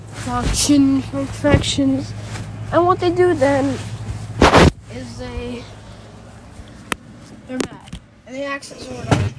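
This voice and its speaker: A woman with a high voice rambles through a fan story. She restarts her sentences often and leans on fillers as she goes. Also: noisy background.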